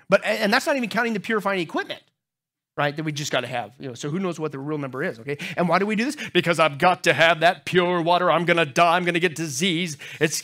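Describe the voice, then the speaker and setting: Animated middle-aged pastor preaching. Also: male voice. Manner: humorous storytelling, talks to the crowd; animated, jumps into high squeaky voices when acting out others. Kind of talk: sermon.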